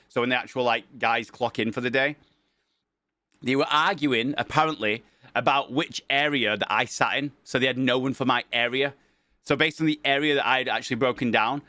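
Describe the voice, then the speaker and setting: A man, a streamer casually telling a long story and acting out the dialogue with lively energy. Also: mid-range voice, no room sound. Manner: animated, acts out quoted dialogue.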